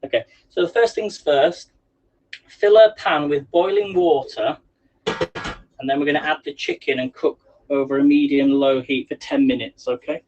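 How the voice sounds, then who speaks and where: A man's voice: a little high, moderate pace, a little mellow, a little hiss or hum, rough recording. A man hosting a casual live cooking stream from his home kitchen, chatting and rambling to viewers while he cooks. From England. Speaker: livestream cooking host. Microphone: phone on a selfie stick.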